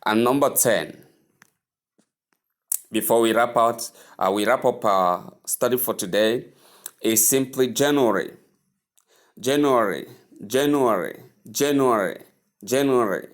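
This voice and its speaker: A man teaching English pronunciation, repeating each word several times and giving patient advice. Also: medium pitch. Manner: slow, repetitive drilling of words; patient, advising tone.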